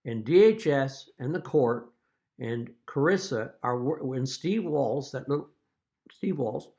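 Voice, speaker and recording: Father figure, middle-pitched voice, earnest and accusatory, measured direct-to-camera delivery. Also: lively intonation, darkish tone. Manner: slips into a wry joke-telling aside. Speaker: father speaking to his children. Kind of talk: direct-to-camera video message.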